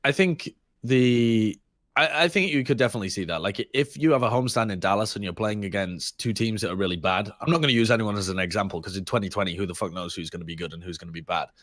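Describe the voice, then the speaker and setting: A man co-hosting an esports podcast, animated and joking, with casual swearing. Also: on the low side, quick pace, dry recording, clean studio sound. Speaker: podcast co-host.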